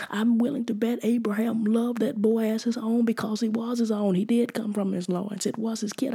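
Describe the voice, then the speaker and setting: A woman's voice: a little high, warm tone, husky. A woman preacher giving a conversational sermon, often half-whispered.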